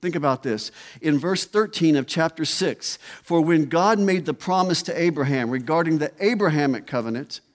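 A man preaching with a somewhat raised pitch, leaning hard on key phrases and repeating them for emphasis. His voice rings through a long hall reverb, as in a church sanctuary. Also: normal speed. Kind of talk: expository sermon.

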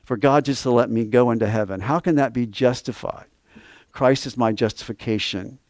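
A man's voice: mid-range voice, moderate pace, darkish tone, no room sound, studio quality. A man preaching a sermon, reading scripture aloud and repeating key words with emphasis.

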